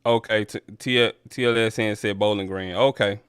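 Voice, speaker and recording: A man's voice: fairly low pitch, steady tone, normal speed, a bit bright, smooth, no echo, clean studio sound. A man hosting a casual sports talk stream, talking loosely and calling his viewers y'all. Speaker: sports talk livestream host. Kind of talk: casual chat reading viewer comments.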